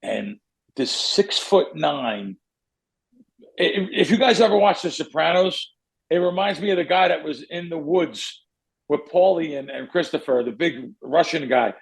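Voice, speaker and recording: Gravelly, rambling male podcast host. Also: fairly high pitch, measured pace, low-quality recording. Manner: rambling, self-correcting, animated. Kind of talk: casual storytelling.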